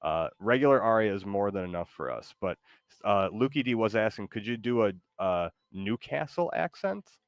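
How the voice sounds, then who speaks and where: A man's voice: on the low side, animated, moderate pace, dry recording, dull audio. A man hosting a casual chat, hesitant and giggly, full of ums and restarts. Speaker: streamer host.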